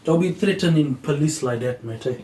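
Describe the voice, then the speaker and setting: A man's voice: fairly high pitch, fairly quick. Rambling New man in an echoey room. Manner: ends nearly every phrase with a quiet tag word; loose, drifting train of thought. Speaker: host. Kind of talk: rambling philosophical monologue.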